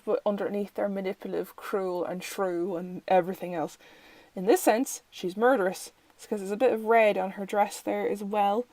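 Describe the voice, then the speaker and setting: An Irish woman talks casually through a tarot deck at a middling pitch, rambling and correcting herself as she goes. She is recorded close on the mic in a dry room with no echo. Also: a little mellow. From Ireland. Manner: chatty, rambling, fillers and self-corrections.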